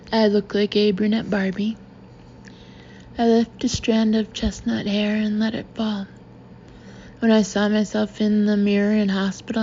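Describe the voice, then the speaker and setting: A woman narrating a novel in the first person, with an even, confiding storytelling manner. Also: mid-range voice, creaky, lo-fi sound, slight background noise. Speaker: audiobook narrator.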